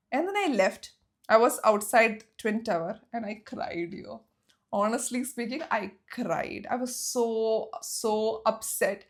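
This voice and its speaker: A young woman recounts a story for her vlog, her voice set a little high. She talks in an animated, exclaiming way and keeps turning to her viewers with rhetorical questions. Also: unhurried. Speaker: vlogger. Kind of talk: storytime vlog, casual chat.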